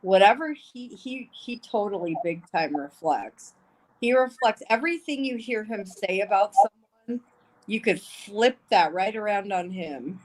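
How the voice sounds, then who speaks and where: A woman's voice: medium pitch, lively intonation, unhurried, rough recording. A woman giving casual live-stream commentary, blunt and swearing often, with emotional asides. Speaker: livestream commentator.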